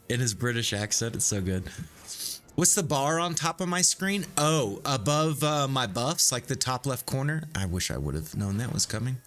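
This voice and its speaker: He has a mid-range, sing-song voice with a fairly bright tone and a measured pace. During a live gaming stream, the man chats easily with viewers and swears freely.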